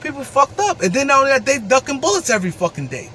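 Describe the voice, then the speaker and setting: A man's voice: very high voice, very animated, fast talker, pushed and bright, slight background noise. A young man in ranting in a heated, profane way, repeating his words as he talks. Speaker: commentator. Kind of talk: angry ranting vlog.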